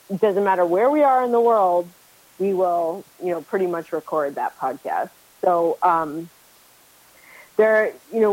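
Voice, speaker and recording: A woman's voice: lowish voice, a little mellow, no echo, poor audio. Chatty woman with a dry, close sound. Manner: chatty, laughs easily, lots of "like". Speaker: podcast guest, co-host of a reselling podcast. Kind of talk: casual chat.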